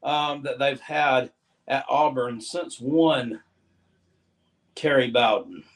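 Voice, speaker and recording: A man's voice: mid-range voice, slow pace. A man co-hosting a casual sports talk show, with dry, sarcastic and profane remarks.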